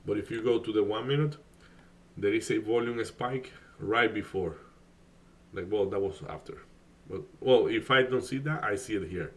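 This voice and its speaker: Man, native Spanish speaker, somewhat low voice, casual live-stream chat, rambling, lots of fillers. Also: moderate pace. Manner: rambling, many fillers and restarts. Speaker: day trading streamer.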